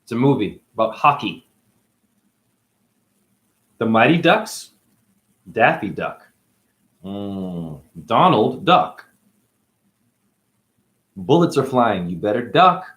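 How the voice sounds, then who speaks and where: A man gives a rambling spiritual monologue, jumping from one pun to the next. He speaks very slowly and musingly, in a mid-range voice. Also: mid-range voice, a bit bright. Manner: free-associating wordplay, musing. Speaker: spiritual teacher.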